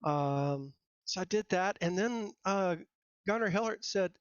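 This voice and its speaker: High-voiced rambling middle-aged man. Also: lively intonation, a little slow, clean tone, no room sound. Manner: rambling, self-deprecating, full of fillers and restarts. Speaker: guest software engineer. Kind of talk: casual interview talk. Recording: dull dry lo-fi sound.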